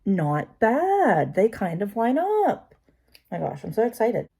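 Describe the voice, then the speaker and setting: A woman's voice: medium pitch, huge pitch swings, takes it slowly, vocal fry, dark tone, slightly rough. A woman vlogging as she does her makeup, chatty and talking to herself with self-deprecating asides. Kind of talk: casual talk while doing makeup.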